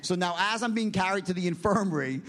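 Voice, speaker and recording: A man's voice: high voice, fast, fairly bright tone. A middle-aged American man telling a story in a brash, profane way, punctuating lines with "right?" and "okay?". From United States. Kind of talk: animated storytelling.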